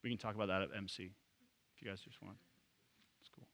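A man's voice: sits low, fairly even intonation, quick pace, gravelly, a bit bright. A man leading a church training session, talking casually with many fillers and restarts. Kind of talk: casual teaching to a group.

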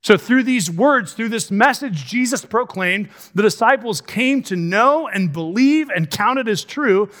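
A man delivers a sermon in an emphatic, questioning style, slowing down to lean on key words. His voice sits a touch higher than most men's. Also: a bit bright. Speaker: preacher.

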